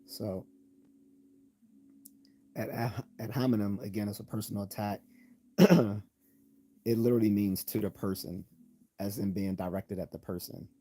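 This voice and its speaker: A man hosting a live stream, explaining logical fallacies in a loose, halting way with many ums and restarts, sometimes reading out definitions. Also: fairly low pitch, fairly even intonation, warm tone. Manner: reads out definitions and examples. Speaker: channel host.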